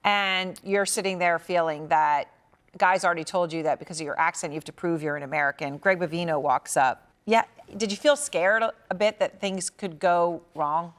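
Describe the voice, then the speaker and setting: A woman conducts a news interview in a conversational tone. She asks probing questions and sums up what was said before. Her pitch is ordinary for a woman. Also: normal speed.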